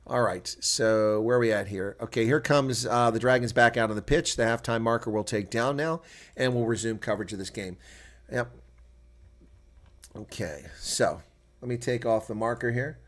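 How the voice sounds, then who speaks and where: Excitable live rugby stream commentator, man. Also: mid-range voice, normal speed. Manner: gets loud and excited during play, argues with referee calls; muttering to himself while checking results.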